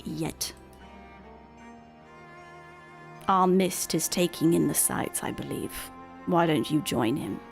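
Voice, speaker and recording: A woman putting on a gravelly brooding young knight. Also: deep voice, unhurried, soft background music, pitched below the performer's own voice, full character voice. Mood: wry. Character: brooding young male dark knight mentor. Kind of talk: reading game dialogue aloud.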